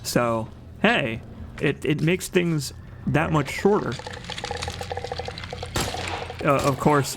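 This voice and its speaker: A man giving casual, chatty commentary over his own gameplay, excited at times and often stopping to correct himself with a joke. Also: medium pitch, background noise. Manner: chatty, enthusiastic, jokes and corrects himself mid-sentence. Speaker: let's play commentator.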